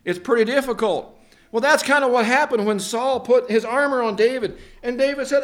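A man with a notably high voice preaches in a church, possibly. He tells the story in his own words and jumps into different voices for the people in it. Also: brisk. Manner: animated retelling with voiced characters. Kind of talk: storytelling sermon.

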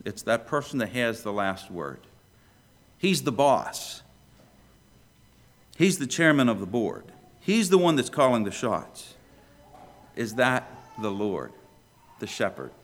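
A man preaching a sermon in a church, swinging between loud questions and hushed low lines. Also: very animated, slow pace, long pauses. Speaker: pastor.

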